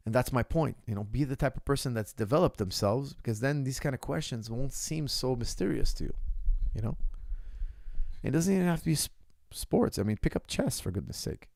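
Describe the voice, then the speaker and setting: Gravelly-voiced man coaching with emphasis. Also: mid-range voice, animated, a little fast, darkish tone, dry recording, clean studio sound. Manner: emphatic, lecturing, mimics critics' questions. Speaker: martial arts coach. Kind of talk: casual Q&A monologue. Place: lives in Canada.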